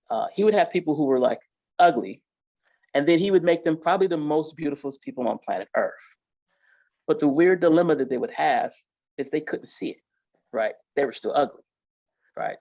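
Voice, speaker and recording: A man's voice: fairly high pitch, creaky, darkish tone, no room sound, lo-fi sound. A man as an interview guest, telling his story in a casual, emphatic way and filling his talk with "like" and "yo". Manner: casual, emphatic, filler-heavy with frequent "like" and "yo". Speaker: podcast guest.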